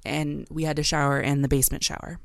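A woman in her thirties co-hosting a podcast, telling an animated story in casual chat and swearing freely. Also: low voice, quick pace, creaky, dry recording, clean studio sound. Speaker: podcast co-host.

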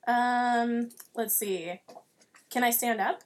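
A woman playing a tabletop game, describing her character's actions slowly and hesitantly with a deadpan tone. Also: fairly high pitch. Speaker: player.

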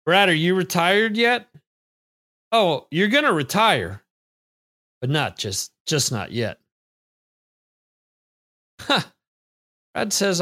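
A man's voice: high-pitched, big pitch swings, slow, long pauses, pushed and bright. A man hosting a live trivia stream, chatting casually into his computer microphone and reading viewer comments aloud in a rambling way. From United States. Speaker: trivia show host.

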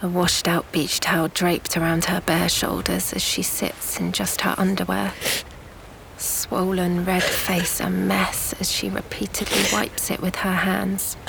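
A woman narrates a first-person story in a hushed, breathy half-whisper. Her delivery is slow and unhurried, with a gravelly edge. A faint hiss sits under the recording. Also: lowish voice. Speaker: audiobook narrator.

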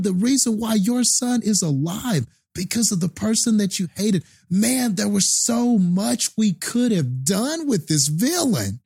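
Slow, husky man ranting. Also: high voice, sing-song, a little mellow, no room sound, studio quality. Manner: passionate, ranting about wasted potential. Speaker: movie discussion co-host. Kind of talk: casual chat.

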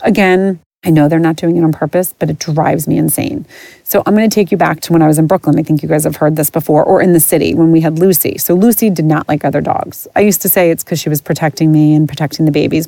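A woman's voice: low-pitched, quick pace, gravelly, mellow, no room sound. A middle-aged woman hosting a podcast, ranting in a blunt, profane and exasperated way. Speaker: podcast host. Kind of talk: casual ranting monologue.

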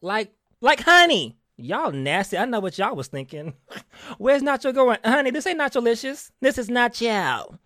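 Sassy man host, bright voice that swings all over, dry close sound. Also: high-pitched, no echo. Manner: sassy, theatrical, calls listeners honey; drawn-out, emphatic repetition. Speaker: podcast host. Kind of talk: casual chat.

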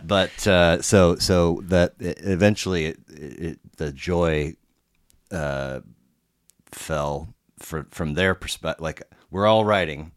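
A man's voice: sits low, takes it slowly, dry recording. A man talking as a podcast guest in a casual conversation, rambling and cursing freely, with many restarts.

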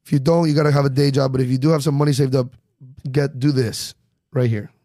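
A fast-talking man with a medium-pitched voice appears as a comedian guest on a podcast, chatting loosely and voicing the characters in his stories. The studio-quality recording has no echo.

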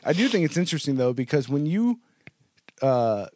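A man co-hosting a casual podcast chat, animated, acting out his inner voice with sudden jumps in pitch. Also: normal speed, slight background noise. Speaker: podcast co-host.

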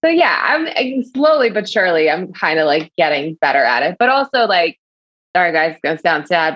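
Lively rambling woman podcast host. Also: on the low side, a little fast, muffled recording. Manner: rambling, full of "like", laughs often. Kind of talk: casual podcast chat.

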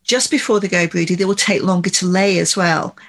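Lower-voiced woman guest, practical explainer, casual podcast chat. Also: fairly quick. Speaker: guest, chicken keeper.

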